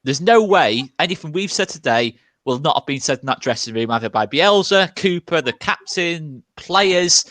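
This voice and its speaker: A man co-hosting a fan podcast, who argues in a measured way, point by point. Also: fairly high pitch, animated, a bit bright, no room sound. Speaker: co-host of a fan channel. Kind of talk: post-match fan podcast.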